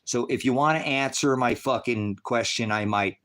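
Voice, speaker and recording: A man preaching on a livestream, berating viewers in his chat with constant profanity and swinging between shouting and muttering. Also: medium pitch, moderate pace.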